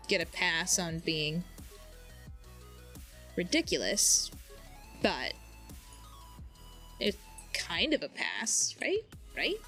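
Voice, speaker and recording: A woman's voice: on the low side, a bit bright. A woman streaming a video game, chatting casually and rambling through tangents with plenty of fillers. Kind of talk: casual gameplay commentary.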